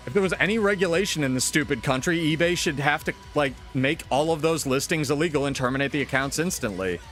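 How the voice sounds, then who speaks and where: A man streaming live, venting in a loose, swear-heavy rant with a lively, up-and-down voice that swings widely in pitch. He talks casually to his chat, sounding fed up, while faint music plays underneath. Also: fast talker. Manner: ranting, profane, exasperated.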